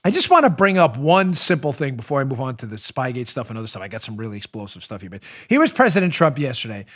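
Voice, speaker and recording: A man hosting a political talk show, animated and mocking, often breaking into laughter. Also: mid-range voice, fast talker. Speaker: host.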